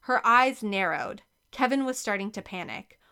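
A woman reading a children's novel aloud as narrator, expressive and clear. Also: medium pitch, moderate pace. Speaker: audiobook reader.

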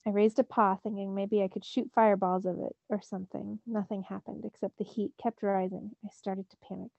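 A woman's voice: mid-range voice, flat delivery, fairly quick, creaky, darkish tone, no echo, lo-fi sound. A teacher reading a novel aloud to her students, narrating expressively in the first person. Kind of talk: storybook read-aloud.

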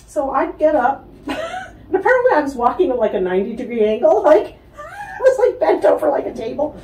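A woman telling a personal story as a guest in an interview, animated, acting out the voices of other people and laughing often. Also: high voice, brisk, reverberant, recorded from a distance, poor audio. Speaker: guest, spiritual healer.

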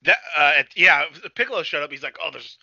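A man in casual chat as a co-host, joking and reacting with quick exclamations and curses. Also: on the high side, lively intonation, sharp tone, dry recording, dull audio.

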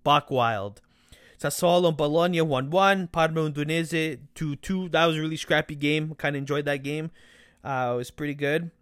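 A young man hosting a casual football podcast, excitable and animated, with loud outbursts and quieter asides. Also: a little high, fairly quick, smooth, dry recording, studio quality. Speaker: podcast host.

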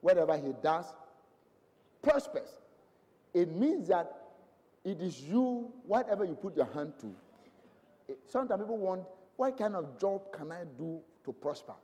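A man preaching a sermon with passion, swinging between loud proclamations and hushed lines. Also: high voice, sing-song, unhurried, long pauses. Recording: long hall reverb.

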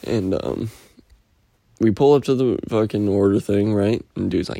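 A man's voice: fairly low pitch, moderate pace, creaky, warm tone, no room sound, clean studio sound. A man rambling through a casual, profane weekly update, telling stories and slipping into impressions. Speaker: podcast host.

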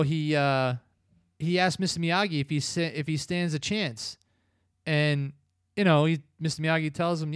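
A man's voice: on the high side, clean tone, no room sound, studio quality. A man casually recapping a film plot in a long, rambling retelling full of filler words. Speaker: film review podcast host.

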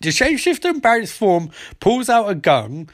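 Guy doing a sweary rambly comedy recap, kinda high voice. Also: big pitch swings, normal speed. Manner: rambling, swearing, self-correcting. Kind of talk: casual comic recap.

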